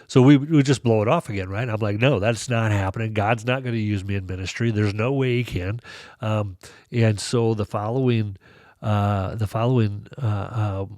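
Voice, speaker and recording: Man, low-ish voice, lively storytelling, plays out quotes; dry, close mic. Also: no room sound. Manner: animated storyteller, acts out quoted dialogue. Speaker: podcast guest. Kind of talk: casual storytelling.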